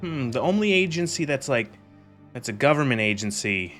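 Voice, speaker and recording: A man's voice: mid-range voice, sing-song, normal speed, a bit bright, faint music behind. Rambling, laughing man streaming a game. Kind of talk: casual gameplay commentary.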